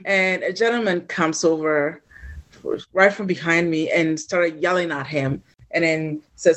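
A woman from Ghana, a podcast guest, telling a personal story in an animated way and acting out the voices of the people in it. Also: on the low side, moderate pace. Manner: animated storyteller who acts out quoted voices.

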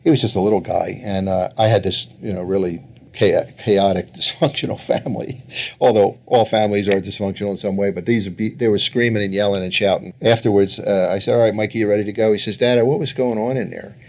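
A man's voice: on the low side, steady tone, fast talker, darkish tone. An older man, a family therapist being interviewed, telling anecdotes and laughing as he talks. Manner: storytelling, voices others in quotes with lots of laughter. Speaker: guest therapist. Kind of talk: interview answers.

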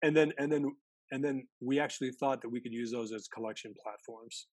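A man speaking as a guest in an interview, recounting his time as an intelligence analyst with animated storytelling and frequent restarts. His voice is husky, at a middle pitch for a man. The recording is dry and close. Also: fairly quick, dry recording. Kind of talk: conversational interview.

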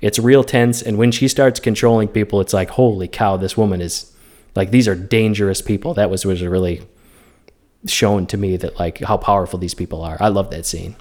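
A man's voice: on the low side, steady tone, moderate pace, a little mellow. A man co-hosting a casual movie podcast, rambling through the plot, restarting sentences and laughing often. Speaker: podcast co-host.

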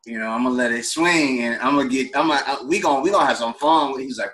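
A man's voice: medium pitch, fast talker, fairly bright tone. A man in a laid-back casual chat over a remote call, often repeating himself and saying "you know what I mean.".

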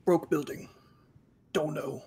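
A man voicing a dim-witted gruff male orc who talks in broken, caveman-like grammar. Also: fairly high pitch, steady tone, slow pace, mellow, slight background noise. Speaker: player.

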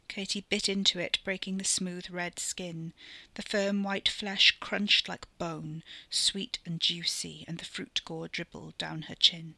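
Female podcast storyteller, steady expressive narration, bright tone, dry close mic. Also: fairly low pitch, unhurried, creaky, few pauses, dry recording.

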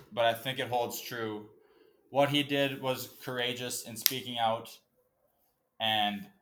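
A man's voice: on the low side, fairly bright tone. Profane, fired-up man hosting a podcast. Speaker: podcast host. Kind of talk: casual solo podcast rant.

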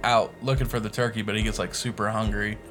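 A man co-hosting a podcast, retelling a movie plot in an animated way, laughing and saying "like" a lot. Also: lowish voice, quick pace, faint music behind. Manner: animated storyteller, laughs often, lots of "like". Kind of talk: casual movie recap chat.

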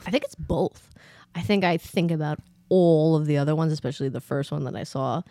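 A woman's voice: low-pitched, fairly even intonation, fairly quick, warm tone, no echo. A woman co-hosting a casual chat, enthusiastic and laughing, swearing freely. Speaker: podcast co-host.

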